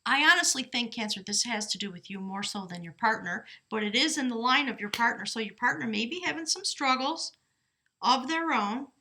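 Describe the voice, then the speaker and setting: Bright, chatty woman reading tarot. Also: on the high side, expressive, a little fast. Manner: chatty, laughs often, corrects herself mid-sentence; talks aloud to her spirit guides. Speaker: tarot reader. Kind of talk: casual tarot reading to camera. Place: desk in a small house by an open door.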